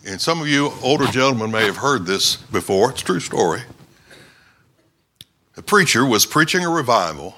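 Bright-voiced man preaching a story. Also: mid-range voice, big pitch swings, normal speed, pauses often. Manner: storytelling sermon, shouting quoted cries. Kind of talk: sermon illustration.

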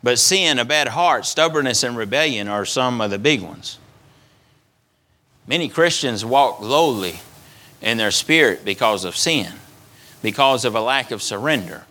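A man's voice: mid-range voice, lively intonation, measured pace, sharp tone. A middle-aged male pastor preaching an earnest sermon, often acting out the voices of stubborn, angry people and repeating his words as he goes.

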